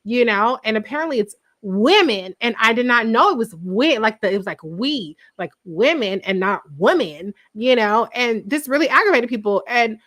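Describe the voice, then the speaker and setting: Young woman host, casual recap talk, sweary storyteller, bright and forceful. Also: on the high side, a little fast, hardly any pauses. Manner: animated, profane, storytelling. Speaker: podcast host.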